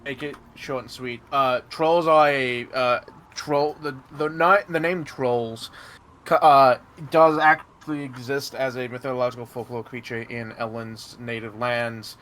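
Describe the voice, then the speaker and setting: Halting mid-pitched man game master. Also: steady tone, fairly bright tone, slight background noise. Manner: halting, full of fillers and restarts. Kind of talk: running a tabletop game.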